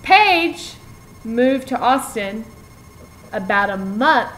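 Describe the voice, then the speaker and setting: A woman's voice: fairly high pitch, lively intonation, drawn-out words, fairly bright tone, a little hiss or hum, low-quality recording. A young woman vlogging at home in casual chat, answering with dry, wry comebacks while she tells their story.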